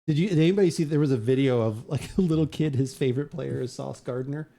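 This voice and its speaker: A man's voice: medium pitch, quick pace, gravelly, mellow. A man co-hosting a live podcast, chatting casually and animatedly as he tastes beers. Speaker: podcast co-host. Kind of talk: casual chat, beer tasting.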